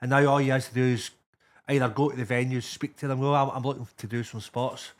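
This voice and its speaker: A man's voice: medium pitch, fairly even intonation. A Scottish man hosting a podcast, chatting casually and joking with a friend. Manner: chatty, quick, jokey. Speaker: podcast host and comedian. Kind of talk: casual chat.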